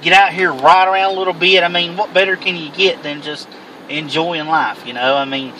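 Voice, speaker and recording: A man's voice: fairly high pitch, fairly even intonation, normal speed, bright, forceful tone, slight background noise, poor audio. Rambling man in a car. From American South. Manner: rambling, laid-back, laughs often. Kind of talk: casual chat. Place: inside a car driving at night.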